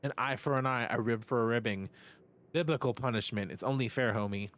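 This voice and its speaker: A man's voice: mid-range voice, fairly quick, close to an everyday voice. A man reading the lines of a brawny, cocky street fighter in a game, with a taunting manner and little change from his own voice. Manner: taunting and swaggering, read flatly.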